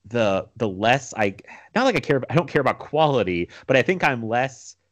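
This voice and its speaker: A man's voice: medium pitch, sing-song, moderate pace. A man in his thirties chatting casually about movies as a podcast co-host, rambling with many fillers and frequent laughs.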